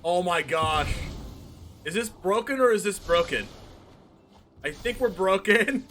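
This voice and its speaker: A young man streaming a card game, excitable, yelping, laughing and shouting at his plays. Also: high-pitched, measured pace, pauses often, a little hiss or hum. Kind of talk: live gameplay commentary. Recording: faint music behind.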